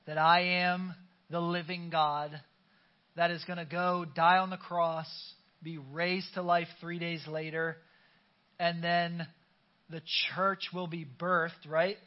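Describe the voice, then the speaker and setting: A man's voice: fairly high pitch, lo-fi sound. A pastor preaching a conversational sermon to his congregation, urging them to call back their response. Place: church sanctuary.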